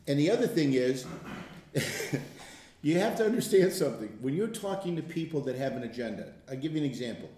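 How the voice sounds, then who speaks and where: A man talking casually to a group, telling stories and stressing points with slow, emphatic words. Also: medium pitch, sing-song, mellow. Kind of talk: casual testimony talk. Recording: echoey room.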